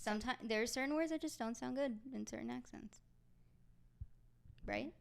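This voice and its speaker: A woman with a fairly high voice chats easily as a podcast co-host. She talks loosely, with quick laughs between thoughts. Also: gravelly, slight background noise. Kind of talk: casual chat.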